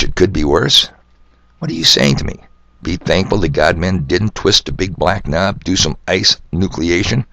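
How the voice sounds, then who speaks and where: A man's voice: deep voice, gravelly, a bit bright, dry recording. An older man hosting a solo podcast monologue, rambling and sardonic, asking rhetorical questions and spelling words out letter by letter. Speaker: podcast host.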